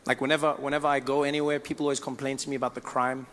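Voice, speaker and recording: A man with a South African accent performing stand-up comedy, telling a story in an animated way and slipping into other people's voices. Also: mid-range voice, rapid-fire, a little hiss or hum.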